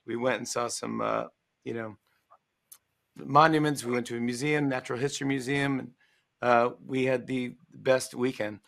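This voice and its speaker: This is an author in his forties, a talk show guest on a promotional livestream interview, casually relating a funny story. His voice is medium in pitch and creaky, at a normal speed, and he animates the tale by acting out quoted voices.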